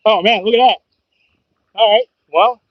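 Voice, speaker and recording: High-voiced excitable man fishing outdoors. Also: husky, no room sound, lo-fi sound. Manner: excitable, chatty, bursts into whoops and laughs. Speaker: fishing livestreamer. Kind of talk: casual live-stream chat. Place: outdoors by the water.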